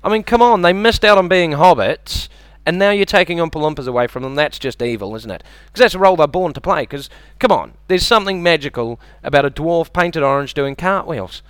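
New Zealand stand-up, slightly high smooth voice, dry close mic, deadpan crowd-work. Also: male voice, fairly quick, few pauses, dry recording. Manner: deadpan, self-deprecating, bantering with the audience. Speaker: stand-up comedian. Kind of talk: stand-up comedy routine. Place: comedy club stage.

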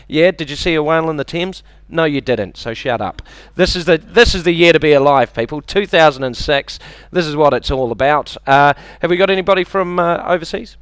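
A man with a New Zealand accent doing a deadpan, self-deprecating stand-up set and bantering with the audience on a club stage. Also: fairly high pitch, a little fast, few pauses, clear, resonant tone, no room sound. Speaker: stand-up comedian. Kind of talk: stand-up comedy routine.

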